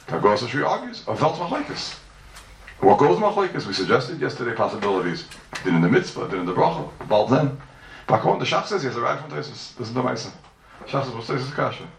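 A man's voice: lowish voice, sing-song, fast, creaky, a little hiss or hum. A man giving a Talmud lecture, talking animatedly and posing rhetorical questions with sing-song rises. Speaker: Talmud teacher. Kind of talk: yeshiva-style Talmud lecture. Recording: echoey room, speaker far from mic.

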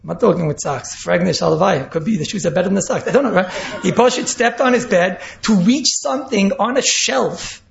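A man, a rabbi, giving an animated Torah class, acting out quotes and mixing in Yiddish and Hebrew terms. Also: high voice, brisk, creaky, hardly any pauses. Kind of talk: Torah class on speech ethics. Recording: echoey room, dull lo-fi sound.

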